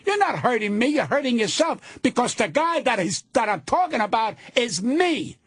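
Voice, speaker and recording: Older man, comedian, indignant profane rant, high voice, very lively pitch. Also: normal speed, slightly rough, no echo, studio quality. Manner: loud, profane, indignant ranting. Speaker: comedian, radio guest. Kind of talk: ranting radio talk. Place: radio studio.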